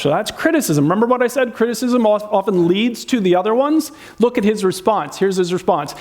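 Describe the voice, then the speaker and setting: A man's voice: high-pitched, expressive, fairly quick, few pauses, a little mellow. A man preaching a sermon in a conversational way, asking the audience questions and acting out insulting quotes. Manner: acts out insulting quotes in changed voices. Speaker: pastor.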